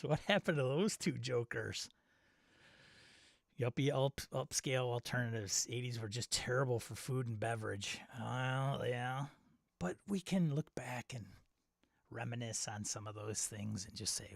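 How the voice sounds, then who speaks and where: A man's voice: mid-range voice, measured pace, creaky, dry recording. Rambling middle-aged man on a dry mic. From Wisconsin. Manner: rambling and nostalgic, laughing at himself. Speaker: channel host. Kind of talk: casual live-stream chat.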